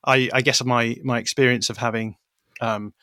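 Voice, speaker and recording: A man's voice: mid-range voice, steady tone, moderate pace, pushed and bright, smooth, no room sound. Thoughtful male podcast guest, dry sound. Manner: thoughtful, qualifying his points as he talks. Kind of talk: interview conversation.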